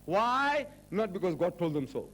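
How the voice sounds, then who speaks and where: A man giving a public lecture on religion in an animated, mocking way, acting out the voices he quotes. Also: sits high, moderate pace, a little hiss or hum, rough recording. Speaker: religious debater.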